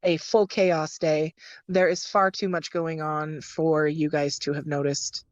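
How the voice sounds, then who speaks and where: Low-voiced woman game master. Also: flat delivery, no room sound, dull audio. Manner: measured, explanatory, frequent ums. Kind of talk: narrating a tabletop game.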